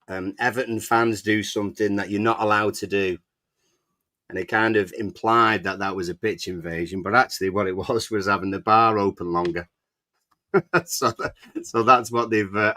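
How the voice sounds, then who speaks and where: A man's voice: fairly low pitch, bright, forceful tone, no echo. A man co-hosting a casual fan podcast, reading out listener messages in a chatty way. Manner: reads out listener comments, chatty. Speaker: podcast co-host.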